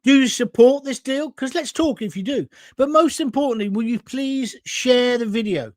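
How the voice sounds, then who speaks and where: A high-pitched man hosts a ranting political livestream and talks straight to his audience. He is blunt and combative, and sounds dry and close with no room echo. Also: normal speed. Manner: blunt, combative, addresses viewers directly. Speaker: livestream host.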